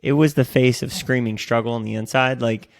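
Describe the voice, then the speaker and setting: A man's voice: mid-range voice, fairly even intonation, fairly quick, vocal fry. A man co-hosting a podcast, casually telling a rambling story and laughing often. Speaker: podcast co-host. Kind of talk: casual chat.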